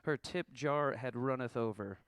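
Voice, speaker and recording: A man's voice: mid-range voice, unhurried, fairly bright tone, smooth, no echo. A man in his thirties telling a wry, profane story about his band's tour, reading a prepared account to an audience. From Oklahoma.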